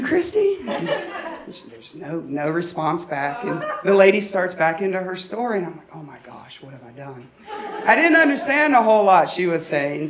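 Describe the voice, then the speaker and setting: A woman tells a story to a conference audience. Her delivery is humorous and anecdotal, and she keeps the tale lively. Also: medium pitch, a little hiss or hum. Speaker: conference presenter. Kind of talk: storytelling presentation. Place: conference room.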